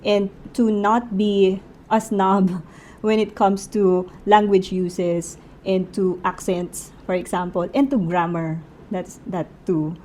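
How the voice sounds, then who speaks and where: A woman's voice: mid-range voice, level tone, takes it slowly, dark tone, slight background noise, poor audio. A woman with a Filipino accent giving a casual book review, talking it through in a conversational way and asking lots of rhetorical questions.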